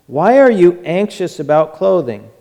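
A man preaching a sermon with fervor, moving between loud urging and a soft hush. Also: high voice, sing-song, measured pace, big-room sound.

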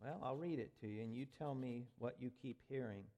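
A man preaching a sermon as pastor, reading scripture aloud and building to forceful, dramatic emphasis. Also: medium pitch, a little fast, highs cut off.

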